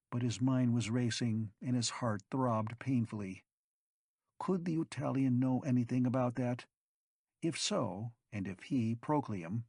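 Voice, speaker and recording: Gravelly, husky male audiobook narrator. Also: medium pitch, darkish tone, no echo, studio quality. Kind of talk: scripted narration.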